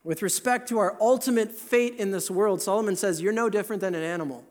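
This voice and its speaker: Male preacher, high pitch, earnest and emphatic sermon delivery. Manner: earnest, emphatic, slows down to stress key words.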